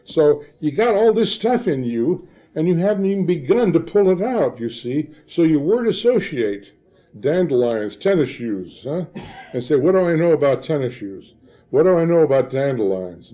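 A man's voice: a little high, mellow, muffled recording. An older man from the American Midwest addressing an audience of librarians, telling rambling anecdotes and tagging his lines with "huh?". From northern Illinois, USA. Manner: rambling storyteller, tags many lines with "huh?". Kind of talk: talk to a live audience.

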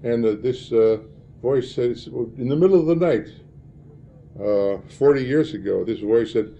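Speaking at a normal pace in a creaky, dark, mid-range voice, an older man from northern Illinois tells rambling stories to a room of librarians. Many lines end with "huh?", and the sound is lo-fi.

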